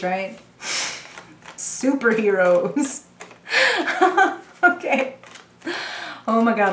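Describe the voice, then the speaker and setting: A woman giving a casual, playful tarot reading to the viewer, chatty and quick to laugh. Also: medium pitch, reverberant, slight background noise. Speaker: tarot reader.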